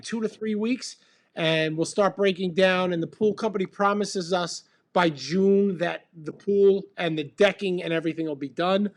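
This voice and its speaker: Man, 50s, gravelly fry, slightly high-pitched, rambling casual livestream host, lots of ums, drinking bourbon. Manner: rambling and laid-back, many ums and uhs. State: drinking bourbon while talking. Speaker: band member hosting a livestream.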